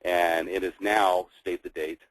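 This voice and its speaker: A man's voice: deep voice, level tone, a little slow, no room sound, rough recording. A middle-aged man teaching a sales training session, walking through scripts in an instructive way with frequent fillers. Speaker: sales coach.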